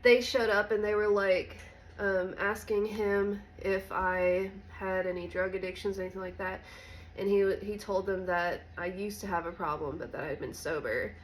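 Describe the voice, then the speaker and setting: Woman talking to camera about her past, halting and candid, mid pitch. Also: fairly even intonation, slight background noise, rough recording. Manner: candid, halting, soft-spoken. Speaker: recovery vlogger. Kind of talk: personal storytelling.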